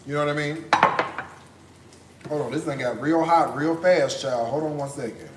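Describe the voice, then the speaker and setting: A man hosting a casual cooking vlog, chatting straight to viewers and bursting into high whoops and moans of delight while he cooks in a kitchen. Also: moderate pace, background noise. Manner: chatty, addresses viewers directly. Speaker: cooking channel host. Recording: echoey room.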